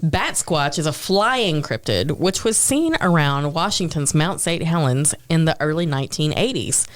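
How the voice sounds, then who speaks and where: A woman's voice: low voice, expressive, moderate pace. A woman co-hosting a paranormal podcast, reading out odd stories in a wry, laughing way. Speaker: podcast co-host. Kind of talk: casual chat reading out stories.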